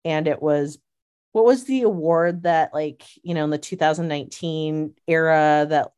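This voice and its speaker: A woman in casual fan chat, an animated storyteller who laughs often and fills her talk with "like.". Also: sits low, moderate pace, smooth. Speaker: podcast co-host.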